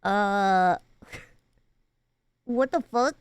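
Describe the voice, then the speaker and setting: A woman streamer chatting casually about a film she watched, animated and swearing freely, with mocking exaggerated asides. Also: medium pitch, drawn-out words, clean tone, no room sound. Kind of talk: casual livestream chat.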